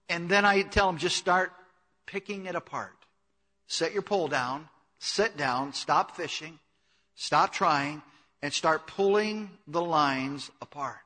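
A man preaching a sermon in a church, swinging from hushed to loud, urgent pleading with much repetition. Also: fairly high pitch, big-room sound. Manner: impassioned, repetitive exhortation. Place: church sanctuary.

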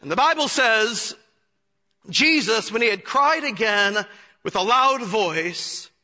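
High-voiced bright preacher in a reverberant hall. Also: male voice, lively intonation, takes it slowly. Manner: storytelling, building to fervent preaching. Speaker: pastor. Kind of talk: sermon.

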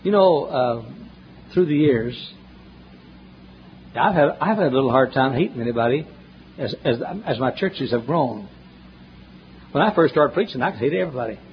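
A man preaching a sermon, telling folksy stories and swinging between loud emphatic questions and hushed asides, in a church. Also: medium pitch, animated, moderate pace, long pauses, a little hiss or hum. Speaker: pastor. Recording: dull lo-fi sermon recording, faint ambience.

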